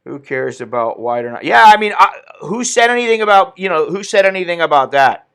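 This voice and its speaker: A man's voice: sits high, animated, a little fast, fairly bright tone, smooth. A man hosting an opinionated commentary stream, ranting indignantly and reading viewer comments aloud. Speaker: political commentary host.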